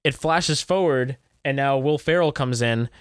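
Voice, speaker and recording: Young man, podcast co-host, blunt, laid-back, middle pitch, dry close recording. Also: a little slow, clean tone, no room sound. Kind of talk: casual movie review chat.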